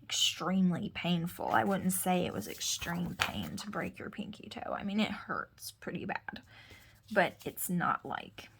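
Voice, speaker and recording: A woman's voice: mid-range voice, creaky, slight background noise. A woman in her thirties, a mother chatting casually and rambling to her viewers as she vlogs. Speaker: vlogger. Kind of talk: casual chat.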